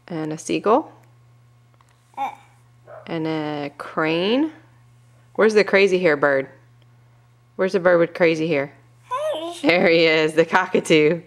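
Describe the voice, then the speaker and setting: A young woman reading a picture book aloud to her toddler at home, gently asking questions and coaxing with little animal noises. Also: on the low side, takes it slowly, long pauses.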